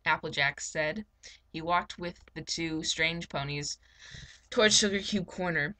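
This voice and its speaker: A young woman with a low but bright, forceful voice reads a fan story aloud. She trips over words now and then and laughs at her own mistakes. Her delivery is casual and amateur. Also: a little slow. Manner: stumbles on words and laughs at herself. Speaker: fan fiction reader. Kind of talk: reading fan fiction aloud with character voices.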